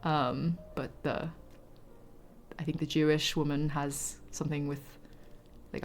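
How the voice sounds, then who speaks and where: A woman's voice: deep voice, flat delivery, a little slow, long pauses, slight background noise. A woman streamer chatting casually, reading chat messages aloud and laughing often. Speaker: live streamer.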